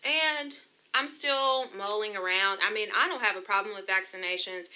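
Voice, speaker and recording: A woman's voice: medium pitch, moderate pace, pushed and bright. A young adult woman from the United States telling her own story in a chatty, emotional vlog, talking straight to her viewers. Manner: emotional, chatty, addresses viewers as you guys. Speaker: vlogger. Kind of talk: personal testimony vlog.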